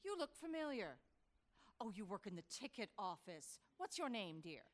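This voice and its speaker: A woman's voice: mid-range voice, sing-song, moderate pace, close to an everyday voice. An actress playing a playful, flirtatious office woman in a stage musical, teasing and mocking with bubbly energy. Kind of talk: musical theater stage dialogue.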